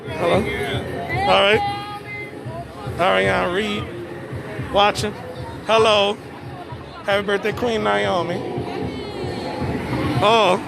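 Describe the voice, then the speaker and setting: A man's voice: high-pitched, steady tone, drawn-out words, vocal fry, pauses often. A man hosts a casual live stream from an outdoor birthday party, chatty and repeating his words as he stammers. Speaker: host of a live stream show. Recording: phone recording outdoors, party music and crowd. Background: music and children at a party.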